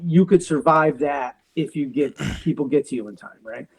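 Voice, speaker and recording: Guest, male, 40s, veteran and police officer, slightly high voice, storyteller who acts out both sides of conversations. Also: gravelly, slightly rough, poor audio. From United States. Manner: quotes others in quick back-and-forth, uses car comparisons. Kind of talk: animated personal storytelling.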